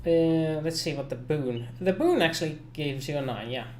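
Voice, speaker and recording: A man's voice: a little high, moderate pace, darkish tone, slight background noise. A man acting as game master for an online tabletop game, often stopping and restarting his sentences.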